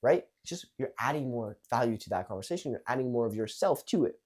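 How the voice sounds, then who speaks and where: Animated young man giving social advice. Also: medium pitch, quick pace. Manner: animated, acts out example lines in jumpy voices, swears casually. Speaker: social skills coach. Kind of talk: casual advice monologue.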